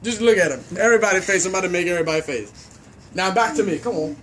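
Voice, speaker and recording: A man telling a story to friends in an animated, laughing, swearing way, outdoors. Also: high voice, very fast. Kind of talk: casual chat.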